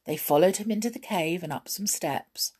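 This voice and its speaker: A woman reading a children's storybook aloud in an expressive, measured storytelling manner. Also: on the low side, husky.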